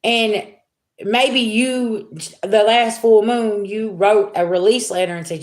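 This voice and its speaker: A woman's voice: mid-range voice, steady tone, slow pace. A woman giving a casual tarot reading, talking straight to her viewers in a chatty way and checking in with them often. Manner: chatty, talks straight to viewers, frequent "okay?" and "y'all". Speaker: tarot reader. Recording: roomy echo.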